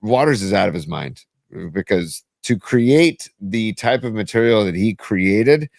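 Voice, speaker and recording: A man's voice: on the low side, animated, unhurried, gravelly, no echo. A man, co-hosting a casual podcast chat, rambling and musing as he talks. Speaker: podcast co-host.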